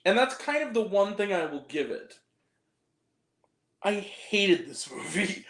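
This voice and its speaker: A man's voice: high-pitched, big pitch swings, normal speed, pauses often, a bit bright, echoey room, low-quality recording. A man giving a ranting movie review, exasperated and profane, with self-deprecating asides. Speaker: film reviewer.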